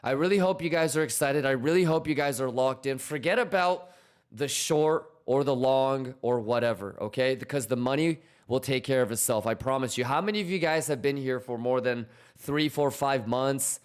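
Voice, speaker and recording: A man's voice: mid-range voice, normal speed, clear, resonant tone. A man streaming live, chatting casually with viewers about crypto trades in a hyped, profane, teasing manner, repeating questions to the chat.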